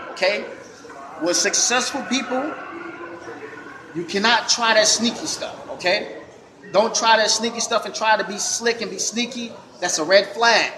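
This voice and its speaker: Guy with a high voice coaching how to sell, keeps saying okay? you follow me?, echoey with people chatting behind. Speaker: fragrance seller giving sales advice. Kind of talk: casual instructional talk.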